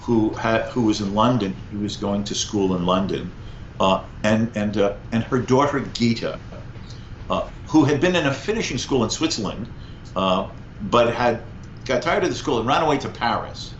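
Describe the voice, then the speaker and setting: A man's voice: fairly low pitch, moderate pace, a little hiss or hum. Man in his sixties telling stories in an echoey room. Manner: animated anecdote teller, lively vocal emphasis. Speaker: guest, economics professor. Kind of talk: storytelling in a conversational interview. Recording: echoey, slightly muffled room.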